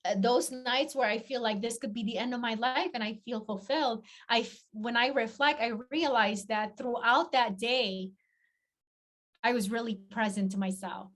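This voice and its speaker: Woman coach chatting on a podcast, kinda high voice, earnest and heartfelt. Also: normal speed, fairly bright tone. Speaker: confidence coach. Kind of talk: casual podcast interview.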